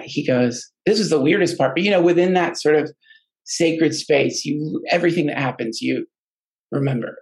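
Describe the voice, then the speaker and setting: A podcast guest with a slightly high, gravelly voice tells an earnest personal story, emotional and sincere. His casual talk rambles, full of restarts and fillers, and the recording is rough.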